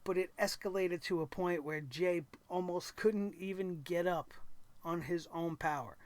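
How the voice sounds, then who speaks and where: Animated wrestling show host, high voice. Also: male voice, no room sound. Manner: animated, acts out wrestlers' lines and shouts. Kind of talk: excited wrestling commentary.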